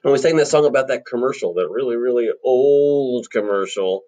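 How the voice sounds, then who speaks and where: A male music teacher gives a recorded lesson to children, friendly and encouraging, explaining things patiently and singing short phrases high up. He speaks briskly in a warm tone, though the audio quality is poor.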